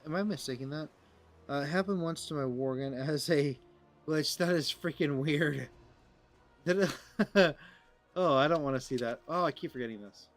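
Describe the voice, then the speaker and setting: A man's voice: on the high side, moderate pace, faint music behind. A man giving casual commentary over his gameplay, rambling and joking with lots of filler words. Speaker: gaming streamer.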